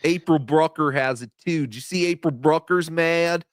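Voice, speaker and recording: A man's voice: fairly high pitch, moderate pace, no echo, clean studio sound. A man hosting a casual livestream, reading chat donations aloud in a rambling, joking, self-deprecating way.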